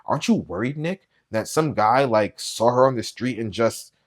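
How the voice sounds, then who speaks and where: A man reading aloud, voicing a blunt, worried young adult sister who talks loud, fast and pushy, swearing often. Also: medium pitch, animated, pitched above the performer's own voice, lightly acted. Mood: agitated.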